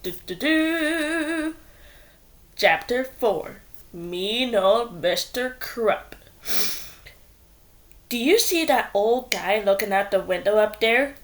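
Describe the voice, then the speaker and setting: A woman reading a children's book aloud in a playful, expressive way. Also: medium pitch, takes it slowly. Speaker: storyteller.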